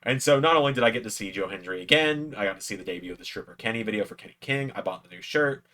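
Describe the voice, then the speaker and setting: A man chatting casually to camera, telling a personal story in an excitable way with plenty of fillers. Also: on the low side, very fast. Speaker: YouTube creator.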